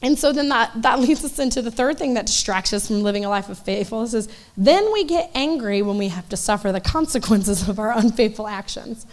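A woman in her forties giving a conversational sermon to a church group, animated and acting out voices in asides. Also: fairly high pitch, brisk, few pauses. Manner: animated, acts out quoted voices, loose asides. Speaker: church speaker.

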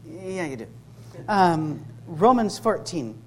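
A man's voice: sits high, animated, slight background noise. Joking Scottish preacher, middle-aged man. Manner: conversational and joking, with quick asides. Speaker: campus ministry speaker. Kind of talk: humorous sermon-style talk. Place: workshop room with a live audience.

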